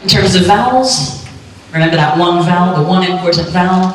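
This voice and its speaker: A woman giving a clear, lightly joking talk on pronunciation to a live audience at a conference. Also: lowish voice, fairly quick. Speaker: conference speaker on pronunciation teaching. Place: lecture hall. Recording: echoey hall, distant mic, faint hum.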